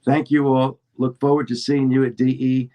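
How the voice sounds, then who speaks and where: A man giving emotional closing remarks on a call, halting and full of fillers. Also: mid-range voice, flat delivery, muffled recording. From Atlanta. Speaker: guest chiropractor.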